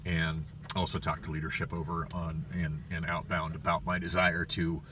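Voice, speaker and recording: Deep-voiced man rambling in a parked car. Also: little pitch movement, moderate pace, distant mic, background noise. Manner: rambling, many fillers and restarts. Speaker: vlogger. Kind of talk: casual car vlog. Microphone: phone.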